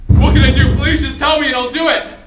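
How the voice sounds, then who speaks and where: A woman's voice: high voice, steady tone, a little fast, very noisy, lightly acted. A woman playing a disgraced young detective on stage, pleading and prone to emotional outbursts. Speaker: stage performer. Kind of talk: live solo stage play. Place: college stage. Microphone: far camera. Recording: distant echoey stage recording with loud music.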